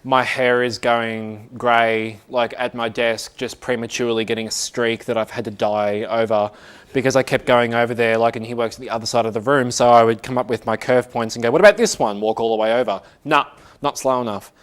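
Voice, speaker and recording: A man's voice: medium pitch, flat delivery, a little fast, clear, resonant tone. Chatty self-mocking man giving a tech talk. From Australia. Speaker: meetup speaker. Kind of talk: casual tech talk to a small audience. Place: office meeting room.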